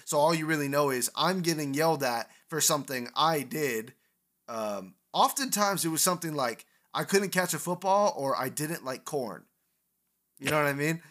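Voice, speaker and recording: Bright-voiced candid young man. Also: fairly high pitch, moderate pace. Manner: candid, profane, animated storytelling. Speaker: podcast co-host. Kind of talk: casual podcast chat.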